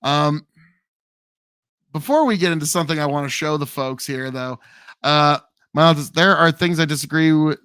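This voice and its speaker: A man's voice: on the high side, normal speed, long pauses, fairly bright tone, clear, resonant tone, dry recording. A male debate show host arguing in a combative, sarcastic way.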